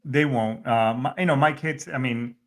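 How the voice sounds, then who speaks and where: A man's voice: mid-range voice, normal speed. A middle-aged man hosting a podcast in a casual chat, profane and rambling with many restarts. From Hispanic background. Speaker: podcast host.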